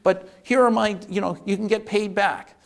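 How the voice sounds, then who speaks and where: A flustered young bridegroom pleads and protests, voiced by a male lecturer. His voice is high with a gravelly fry. He sounds earnest and a little panicked. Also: steady tone, moderate pace. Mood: pleading.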